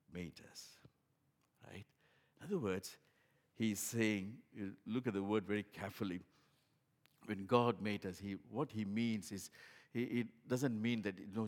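A man preaching a sermon as a pastor. He swings from loud emphatic bursts to quiet low asides, often restarting with "in other words". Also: a little slow, long pauses.

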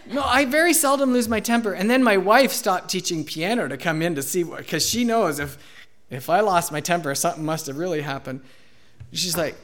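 A man in his thirties, a pastor preaching a sermon and telling a candid personal story, with bursts of loud acted shouting. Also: high-pitched, moderate pace. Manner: candid storytelling, acts out his own outbursts loudly.

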